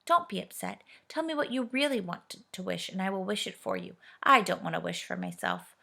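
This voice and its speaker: A woman reading aloud and voicing an excitable, fussy little man of the wood who bursts into shouts. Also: mid-range voice, brisk, vocal fry, exaggerated voice. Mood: kind.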